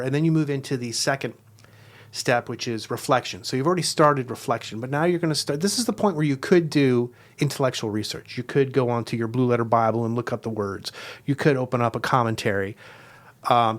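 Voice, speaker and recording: A man speaking as a guest, explaining a devotional method in an earnest, reflective way and slowing down to stress key words. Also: mid-range voice. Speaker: guest teacher.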